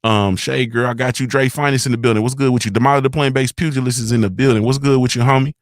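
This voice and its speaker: A man hosting a casual morning livestream from his home, speaking in a laid-back, slangy way as he shouts out his viewers. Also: medium pitch, fairly even intonation, fast talker, no room sound, clean studio sound. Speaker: morning show host.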